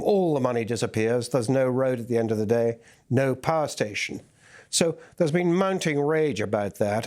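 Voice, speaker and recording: A foreign correspondent giving a news interview, explaining events in a measured way with frequent fillers and restarts. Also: male voice, mid-range voice, a little mellow. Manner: reporting in a measured way with many fillers.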